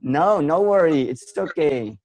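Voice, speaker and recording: Man teaching online, encouraging, slightly high voice, dry sound. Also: expressive, unhurried, a little mellow, no echo, poor audio. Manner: encouraging, repeats words while searching for them. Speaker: English teacher hosting an online class. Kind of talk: online lesson.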